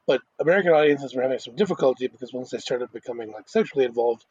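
رجل يتحدث في دردشة عفوية بأسلوب متشعب ومتقطع، يعيد بدايات جمله، بصوت أجش في تسجيل جاف ومكتوم. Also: male voice, mid-range voice, a little mellow, husky, no echo, dull audio. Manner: rambling, halting restarts. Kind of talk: casual chat.

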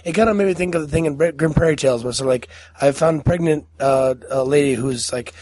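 A man's voice: on the high side, fast talker, a little mellow, no room sound. A man co-hosting a podcast in casual chat about a horror short, rambling and hedging with lots of fillers. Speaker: podcast co-host.

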